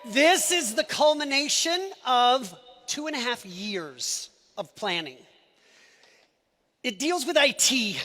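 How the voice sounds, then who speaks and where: A man giving an emotional presentation on stage at a live company event, swinging between shouted lines and hushed asides. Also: very high voice, lively intonation, takes it slowly. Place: event stage before an audience.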